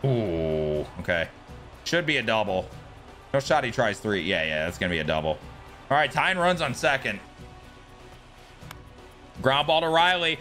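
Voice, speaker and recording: A young man giving excited commentary over his own baseball video game, swinging between shouts and groans. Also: mid-range voice, normal speed, soft background music. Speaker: gaming YouTuber.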